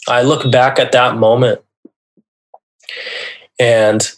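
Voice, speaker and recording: A man telling a personal story as a podcast guest, speaking in a halting, earnest way and often restarting his phrases. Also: mid-range voice, level tone. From United States.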